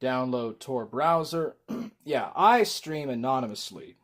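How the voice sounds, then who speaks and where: A man talks casually to his livestream chat, drawing his words out slowly. He rambles and fills gaps with ums, in an even middle register. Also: mid-range voice. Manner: rambling, slow, with frequent ums.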